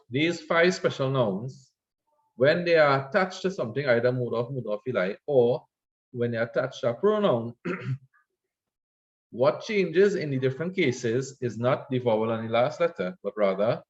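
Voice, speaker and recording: A man's voice: mid-range voice, lo-fi sound. A man teaching an Arabic grammar class, explaining patiently and checking in with "right?" after each point. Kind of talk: online class lecture.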